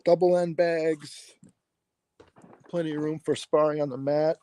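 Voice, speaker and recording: A man's voice: a little high, level tone, unhurried, mellow. A man hosting a casual interview, chiming in with short agreeing remarks. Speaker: interview host.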